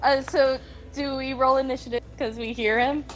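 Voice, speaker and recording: A woman's voice: high voice, steady tone, moderate pace, faint music behind. A woman playing a tabletop game, reacting with giggles and short remarks. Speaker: player. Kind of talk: casual tabletop game chat.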